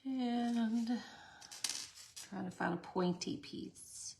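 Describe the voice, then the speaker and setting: Middle-aged woman hosting a craft tutorial; slow, chatty, with a gravelly voice. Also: fairly high pitch, background noise. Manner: chatty, laughs often, talks to viewers. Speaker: resin art tutorial host. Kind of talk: casual livestream craft tutorial.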